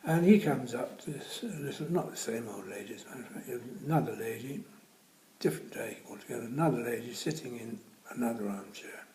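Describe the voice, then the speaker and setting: A man's voice: medium pitch, brisk, darkish tone, roomy sound, rough recording. A man telling comic anecdotes in a dry style, often dropping to a near-whisper. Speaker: comedian. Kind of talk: comic storytelling.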